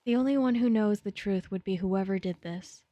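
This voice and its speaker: A woman's voice: mid-range voice, moderate pace, dark tone, dry recording. A young woman streaming a game live, reading its text aloud and chatting playfully, jittery when spooked.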